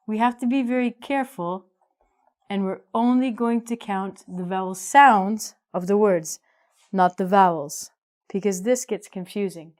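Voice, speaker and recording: A woman teaching an English grammar lesson, upbeat and emphatic, slowing down to stress key words. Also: mid-range voice.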